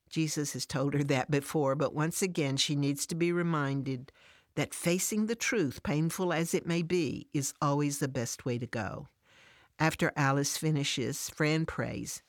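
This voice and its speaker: A woman narrates a scripted devotional story in a calm, measured way. Her voice sits low. The recording is dry and close, with no room sound. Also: no echo.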